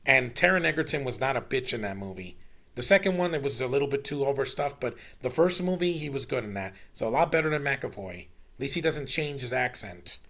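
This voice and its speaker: Gravelly-voiced male reviewer, casual and exasperated, blunt opinions. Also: mid-range voice, lively intonation, fairly quick, a bit bright. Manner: blunt, exasperated, swears, frequent restarts. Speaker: movie reviewer. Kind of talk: casual ranting film review.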